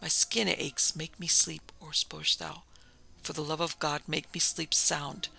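Man doing a sleepless man near breaking point, desperate, pleading, gravelly voice, flat delivery. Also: on the high side, a little slow, heavily acted, low-quality recording.

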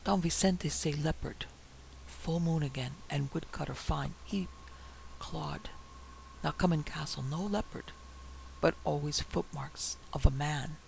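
A scared male servant, voiced by a male narrator, whispers in halting, broken English in a storybook reading. The voice is gravelly and a little high. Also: a little mellow, slight background noise, low-quality recording. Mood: fearful, hushed.

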